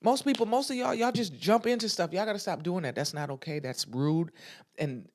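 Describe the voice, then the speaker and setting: A woman's voice: lowish voice, expressive, fairly quick, darkish tone. Woman podcast host, solo monologue; blunt, repeats lines for emphasis, speaks right to the listener. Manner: emphatic, repeats phrases for stress; talks straight to listeners, frank and blunt. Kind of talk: casual motivational podcast monologue.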